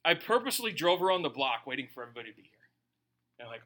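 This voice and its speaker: A man preaches with a high, strikingly bright voice. He talks conversationally to his congregation and keeps breaking into playful voices for the people he describes. His delivery is lively and animated. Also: very fast. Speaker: pastor. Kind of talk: sermon.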